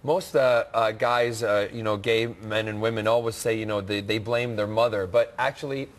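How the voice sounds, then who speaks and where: A man's voice: fairly low pitch, steady tone, normal speed. A Scottish-born man in his forties, speaking with an American accent, chatting as a TV studio guest with frequent laughs and restarts. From Scotland. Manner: bubbly, laughs often, chatty with many restarts. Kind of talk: casual chat.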